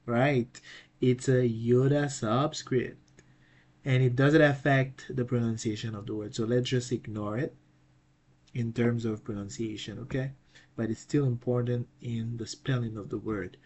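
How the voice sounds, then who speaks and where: A man teaching a pronunciation lesson, patient and slow, asking the viewer questions and repeating each word several times. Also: mid-range voice, a little mellow. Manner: asks the viewer questions and answers them. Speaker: Greek teacher.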